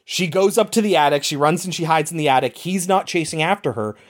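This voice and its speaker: This podcast host tells the story with lively energy, piling on details and dropping the odd curse word. It's relaxed banter between friends, delivered in an animated, chatty way. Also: mid-range voice, fast. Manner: animated storyteller, swears casually. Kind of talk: casual movie recap chat.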